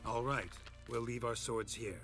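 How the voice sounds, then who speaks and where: A man's voice: mid-range voice, a little slow, soft background music. A male actor playing a grizzled monster hunter in a video game, speaking dryly and curtly. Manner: dry, deadpan, curt. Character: grizzled middle-aged monster hunter, dry and unflappable.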